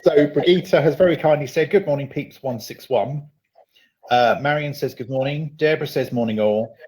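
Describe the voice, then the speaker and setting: Steady man co-hosting. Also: a little high, normal speed, poor audio. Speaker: co-host. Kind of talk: casual chat, reading out viewer comments.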